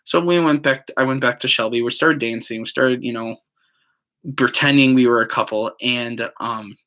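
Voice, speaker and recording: A man's voice: mid-range voice, fairly even intonation, normal speed, fairly bright tone. A man telling a personal story in casual, rambling talk, full of fillers, now and then acting out what others said. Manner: rambling, many fillers, acts out quotes. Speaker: vlogger.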